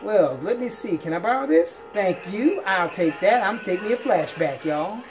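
Laid-back man, lively gaming chatter. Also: high voice, normal speed, over music. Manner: playful, laughs often, folksy drawl-like phrasing. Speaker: gamer. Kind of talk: let's-play game commentary.

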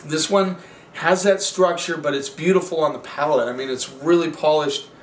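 A man hosting a wine show, tasting and reviewing wines in a relaxed, rambling, conversational way. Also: a little high, normal speed, echoey room, distant mic, slight background noise.

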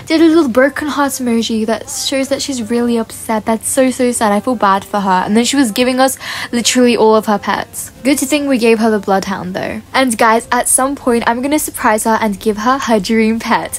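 A young woman giving casual game commentary to her viewers, chatty and excitable, often gasping and gushing as she talks. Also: on the high side, moderate pace. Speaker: gaming YouTuber.

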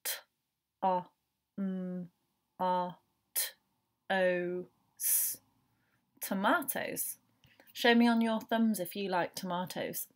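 A woman teaching a phonics lesson to young children, slowly sounding out each letter in turn. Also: on the low side, level tone. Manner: slow, sounding out letters one by one.

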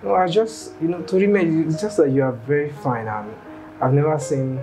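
A man's voice: fairly high pitch, moderate pace, close to an everyday voice, low-quality recording. A man playing a coaxing flirt. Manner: smooth, coaxing, hesitant. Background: music.

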